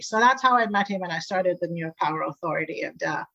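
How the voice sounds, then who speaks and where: A middle-aged woman telling her career story in a lively, enthusiastic way during a conversational interview. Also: lowish voice, fast talker, vocal fry, dry recording. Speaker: interview guest, energy executive. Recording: dull lo-fi recording.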